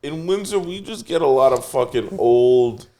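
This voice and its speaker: A man's voice: mid-range voice, lively intonation, normal speed, dark tone. Slangy young man in casual chat. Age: young adult. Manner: swears freely, slangy reactions. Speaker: podcast co-host.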